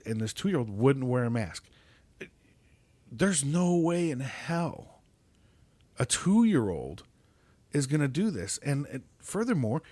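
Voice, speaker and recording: A man's voice: medium pitch, a little mellow, no room sound. Angry, cursing middle-aged man ranting. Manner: angry, swearing constantly, stumbling over words. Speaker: podcast host. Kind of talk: profane ranting monologue.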